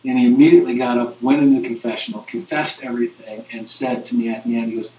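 A man's voice: mid-range voice, steady tone, a little mellow. A man moderating a webinar who talks earnestly and often restarts his sentences while telling stories. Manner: earnest, halting with frequent restarts. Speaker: webinar moderator and youth minister. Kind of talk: conversational storytelling. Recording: distant, roomy, dull lo-fi webinar audio.

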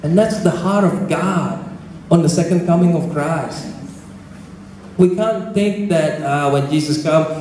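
Male preacher, high-pitched, slow and emphatic; heavy church reverb, faint hiss. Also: a little mellow. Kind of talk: sermon. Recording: very echoey church with faint noise.

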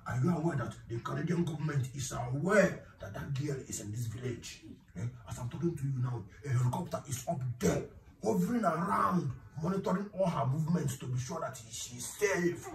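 A man voices a bossy, mocking village man who scolds loudly and keeps demanding "eh?". His voice is gravelly and a little high. The recording is echoey and distant, with noise in the background. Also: expressive, fairly quick. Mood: scolding. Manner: scolding, repeating "eh?". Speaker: actor in a comedy skit. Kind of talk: skit acting. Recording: echoey room, distant mic, noisy.

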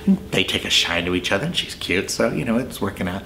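A man's voice: lowish voice, expressive, quick pace, vocal fry, background noise. Chatty man retelling an old film. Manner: chatty storyteller who acts out the scenes. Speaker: film reviewer. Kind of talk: casual film review.

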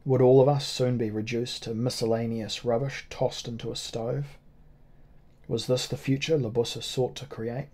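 A man reading a first-person novel aloud as an audiobook, at a measured, grave pace. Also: mid-range voice, fairly even intonation, a little mellow. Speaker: audiobook narrator.

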